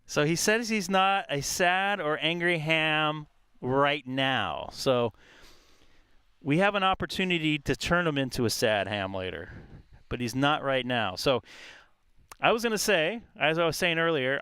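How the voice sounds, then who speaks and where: Guy rambling on his ham radio stream outside in a park, kinda high voice, smooth. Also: lively intonation, a little slow, sharp tone, no room sound, studio quality. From California. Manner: rambling, chatty, lots of fillers. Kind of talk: casual live stream chat. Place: outdoors in a park.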